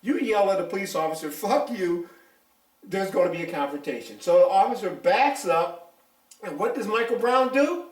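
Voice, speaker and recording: A man's voice: high voice, fairly quick. An older man, a retired police officer giving his views in an interview, talking bluntly and emphatically. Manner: blunt, animated, emphatic storytelling. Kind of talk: casual interview talk. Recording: echoey room, mic at a distance.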